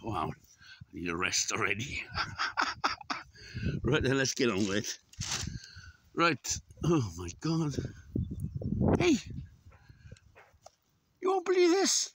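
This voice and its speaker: Panting as he climbs a hill, a Welshman in his sixties vlogs his walk in a fairly low, husky voice with a fairly bright tone. He's very animated yet slow, pausing often, exclaiming and cursing his way through casual commentary.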